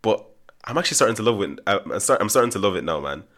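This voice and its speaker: A young man in casual podcast chat, relaxed and thoughtful, full of fillers. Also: lowish voice, quick pace.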